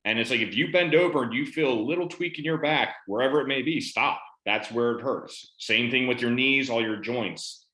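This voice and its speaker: A man's voice: medium pitch, moderate pace, few pauses, pushed and bright. A man, a veteran on a panel, casually telling a story about his benefits and retelling conversations in quotes. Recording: roomy echo.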